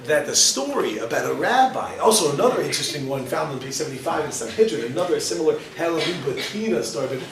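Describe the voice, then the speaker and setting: Joking rabbi teaching a live class. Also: male voice, on the high side, sing-song, quick pace, few pauses, crowd noise. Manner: joking, questions the audience directly. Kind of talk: lively class to a live audience. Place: lecture hall with audience. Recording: roomy, distant mic, faint ambience.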